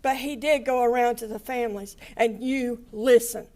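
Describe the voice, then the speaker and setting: Angry older woman, high voice. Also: steady tone, normal speed, dark tone. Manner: angry, impassioned, swearing, voice breaking into tears. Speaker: victim's family member giving an impact statement. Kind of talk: emotional courtroom statement. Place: courtroom.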